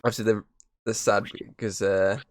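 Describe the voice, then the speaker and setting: A man casually recapping a movie on a podcast, his voice sitting a little low. The sound is close and dry. He rambles through the plot and drops into brief impressions of the characters. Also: little pitch movement, normal speed, no echo. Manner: rambling retelling with quoted character lines. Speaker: podcast host.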